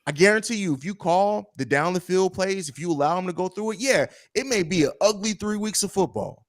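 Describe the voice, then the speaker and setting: A man's voice: high voice, fairly quick, no room sound, clean studio sound. A man hosting a sports podcast, losing his voice and ranting with passion and repetition. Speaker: podcast host. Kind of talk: heated sports podcast talk.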